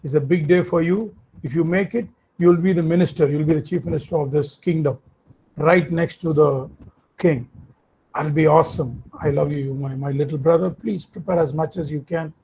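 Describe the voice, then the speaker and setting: A man's voice: a little high, steady tone, moderate pace, mellow, husky. A man voicing a queen who coaxes and insists on favours for her brother. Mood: excited. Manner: coaxing, insistent. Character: queen pushing for her brother, pleading wife. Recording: dull lo-fi audio.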